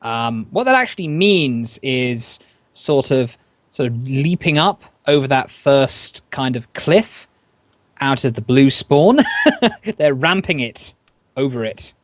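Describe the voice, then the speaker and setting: Animated, giggly man commentating. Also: medium pitch, takes it slowly, no echo. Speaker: esports caster. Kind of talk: live game commentary.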